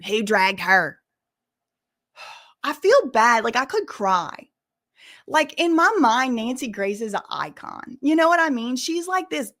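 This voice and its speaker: Talking directly to her viewers, a young woman on a casual commentary channel sounds animated and emphatic. Her voice is mid-range, and she uses "y'all" and other casual slang.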